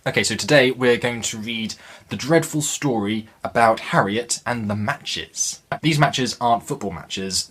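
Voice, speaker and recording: A man's voice: fairly low pitch, a bit bright, breathy edge. A man hosting his channel, reading a children's book aloud in a chatty way and breaking off for wry, joking asides. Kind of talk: jokey storybook reading with asides.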